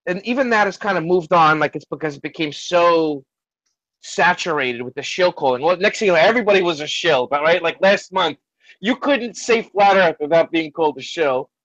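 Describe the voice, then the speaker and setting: A man talking on a video call, rambling and loose, with plenty of swearing. His voice sits a little high, and the sound is dull and lo-fi. It carries almost no room echo. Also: animated, a little fast, fairly bright tone. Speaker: hangout participant. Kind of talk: casual chat. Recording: dull lo-fi sound in a dry space.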